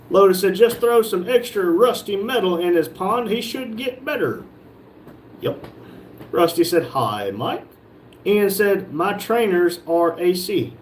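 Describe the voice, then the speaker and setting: Guy reading out chat on a shop livestream, slightly high voice, faint hum behind. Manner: reads comments aloud and jokes back. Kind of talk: casual live chat.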